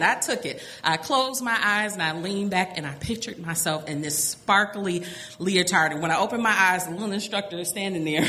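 A middle-aged woman telling a personal story to an audience, animated and laughing often between lines. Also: medium pitch, normal speed, crowd noise, noisy background.

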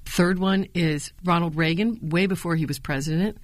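Brief: middle-aged woman, low voice, dry close mic, lively storyteller who voices her quotes. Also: normal speed, no room sound. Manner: animated storyteller, acts out quotes. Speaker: former presidential speechwriter and university lecturer. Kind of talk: interview answers, storytelling.

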